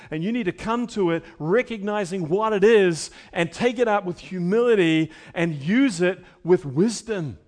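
High-voiced man preaching a sermon. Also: darkish tone. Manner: emphatic, builds with repeated phrases. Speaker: pastor.

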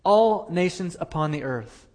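A man's voice: on the high side, expressive, unhurried, darkish tone. A man preaching a sermon as pastor, earnest, repeating phrases for emphasis.

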